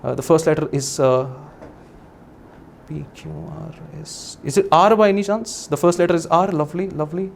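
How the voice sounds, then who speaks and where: A man's voice: on the high side, fast, hardly any pauses, a little hiss or hum. A young man with an Indian English accent, hosting a live magic act with playful, teasing, theatrical commands on stage before an audience. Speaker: comedian and magician host.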